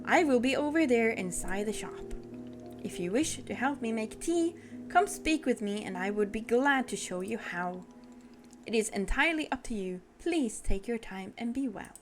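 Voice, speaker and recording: A woman voicing a gentle older male tea-shop keeper, reading game dialogue aloud in a polite, formal, soothing way. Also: a little high, expressive, normal speed, soft background music, close to an everyday voice. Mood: gentle persuasive.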